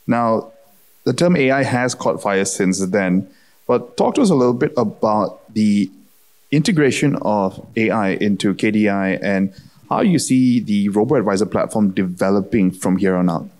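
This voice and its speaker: A man's voice: lowish voice, lively intonation, normal speed, a little mellow. A man moderating a conference panel, polished and upbeat with a few fillers.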